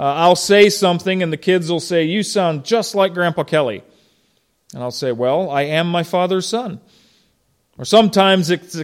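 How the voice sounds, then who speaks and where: A middle-aged pastor with a fairly high-pitched voice preaches conversationally, asking his congregation questions and sharing stories from home.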